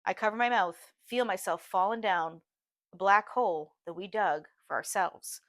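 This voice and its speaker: A woman's voice: medium pitch, normal speed, no room sound. Brief: female reader, first-person audiobook, earnest, dry close mic. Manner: steady, earnest storytelling.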